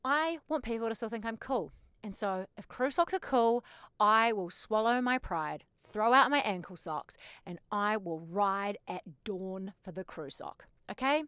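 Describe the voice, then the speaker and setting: A woman, hosting a podcast and telling a story in a casual, animated, emphatic way with dramatic asides. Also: mid-range voice, measured pace, clear, resonant tone, no room sound. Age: late 30s. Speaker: podcast host.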